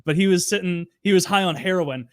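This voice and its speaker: High-voiced man telling an animated story. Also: a little fast, no echo. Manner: animated storytelling, laughing, stammering restarts. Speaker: podcast host. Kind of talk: casual podcast chat.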